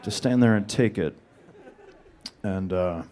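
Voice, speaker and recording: A man with a flat, monotone, deadpan delivery, answering audience questions on a panel. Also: lowish voice, slow, a faint crowd.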